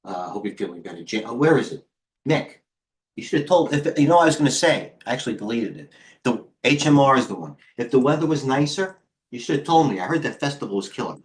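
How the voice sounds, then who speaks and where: He's a middle-aged trading-stream host with a mid-range, expressive voice and a fast delivery. Breathless, he rambles casually through jokes, self-deprecation, and muttered asides.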